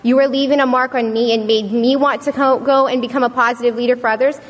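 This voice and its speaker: A woman's voice: fairly high pitch, fairly even intonation, quick pace. Earnest young woman speaking in a hall. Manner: earnest, storytelling with acted quotes. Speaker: student speaker. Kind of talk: prepared speech to an audience. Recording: reverberant hall.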